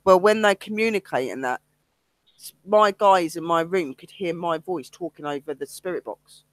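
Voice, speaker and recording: A woman's voice: lowish voice, moderate pace, dry recording. A woman, a paranormal investigator and medium, telling ghost stories in casual livestream chat and acting out the voices of others. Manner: animated storytelling, acts out other people's lines.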